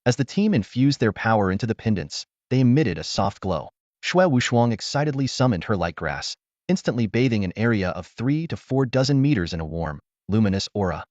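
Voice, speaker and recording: A man giving scripted narration of a fantasy novel in a steady storytelling manner. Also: lowish voice, fairly quick, dry recording, dull audio. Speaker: audiobook narrator.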